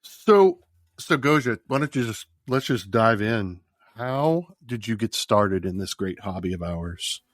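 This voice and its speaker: A man's voice: fairly low pitch, animated, a little slow, few pauses, fairly bright tone, no echo, clean studio sound. A man co-hosting a board game podcast, chatting in an upbeat way and putting questions to a guest. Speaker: podcast co-host. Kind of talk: casual chat.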